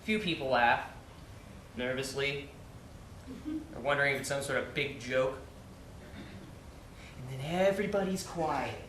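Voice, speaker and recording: A man's voice: mid-range voice, lively intonation, measured pace, pauses often, fairly bright tone, slight background noise. An actor playing a tense, hurt young man. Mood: bitter. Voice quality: tense, agitated delivery. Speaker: visitor. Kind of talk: stage play acting. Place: theater stage. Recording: echoey stage, from far off, faint ambience.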